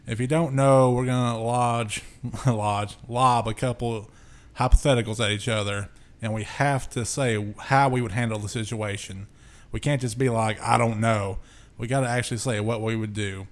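A man's voice: medium pitch, steady tone, normal speed. A man co-hosting a podcast, introducing segments and making easygoing, jokey remarks. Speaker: podcast co-host. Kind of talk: casual chat, introducing a segment.

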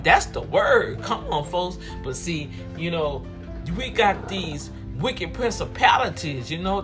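A preacher delivering a fervent sermon, urging the congregation to respond and repeating phrases in bursts that swing between loud and soft. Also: mid-range voice. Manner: fervent, repetitive call-and-response, big swings in loudness.

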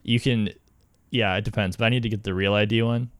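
Fast-talking low-voiced young man. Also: fairly even intonation, dry recording, studio quality. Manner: quick, chatty, laughs easily, lots of "like". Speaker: podcast co-host. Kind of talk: casual chat.

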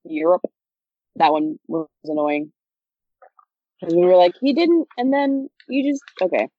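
Young woman, laid-back joking co-host, lowish voice, dry dull lo-fi sound. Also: lively intonation, unhurried, no room sound. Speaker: podcast co-host. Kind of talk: casual chat.

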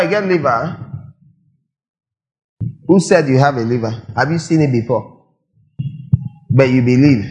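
Preacher pressing rhetorical questions. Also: male voice, mid-range voice. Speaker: pastor. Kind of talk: sermon.

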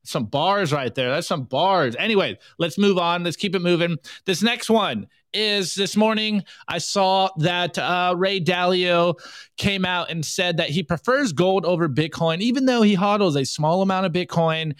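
A man hosting a casual livestream, reading memes aloud and tossing in quick asides. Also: high voice, a bit bright, dry recording. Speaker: show host.

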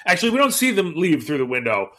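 Chatty podcast guy, swoopy lively voice, bright tone, acts out the lines. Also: on the high side. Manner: animated, quick bursts, acts out quotes. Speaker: podcast co-host. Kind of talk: casual recap chat.

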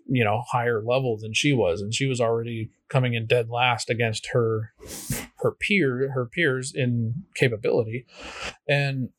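A man at an ordinary mid pitch telling a motivational story, stopping and restarting often and filling the gaps. His voice sounds close and dry, with no room sound around it. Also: no echo. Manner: halting, many fillers and restarts.

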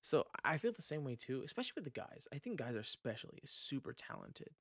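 A man's voice: mid-range voice, big pitch swings, fast, a bit bright, dry recording. A man hosting a casual podcast chat, rambling and swearing, with lots of fillers and trailing off, on a close mic. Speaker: podcast host.

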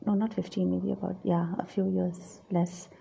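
A woman's voice: on the low side, little pitch movement, moderate pace, creaky, mellow, husky. A middle-aged woman giving a reflective, confessional Bible teaching, acting out her own inner voice.

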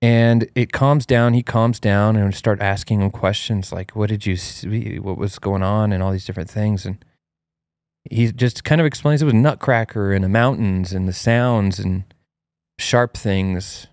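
A man in his thirties hosting a casual chat, telling a family story in an animated way and jumping into a high voice when he quotes his child. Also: a little slow, dry recording, studio quality. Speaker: host.

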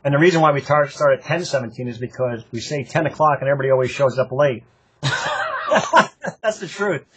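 An older man, a longtime running club member, is the guest in a casual interview, telling rambling, profane stories from his club days and laughing often. His medium-pitched voice is brisk with a breathy edge.

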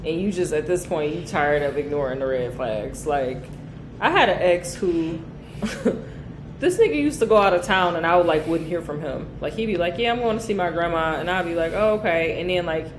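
A woman's voice: fairly low pitch, animated, moderate pace, roomy sound, noisy background. A young woman co-hosting a podcast, talking bluntly and animatedly and swearing freely. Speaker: podcast co-host. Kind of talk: casual chat.

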